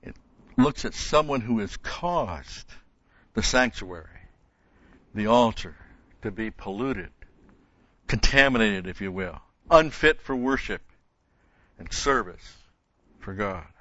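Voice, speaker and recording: Low-voiced man teaching scripture. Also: lively intonation, slow pace, long pauses, a bit bright, dry recording. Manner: emphatic, repeats key words for stress. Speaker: Bible teacher. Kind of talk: expository sermon. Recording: dull, dry lo-fi recording.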